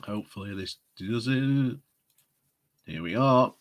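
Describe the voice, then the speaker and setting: A man's voice: medium pitch, lively intonation, unhurried. A man hosting a casual live stream, chatty and often breaking into laughter as he talks. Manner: giggly, chatty, often laughing mid-sentence.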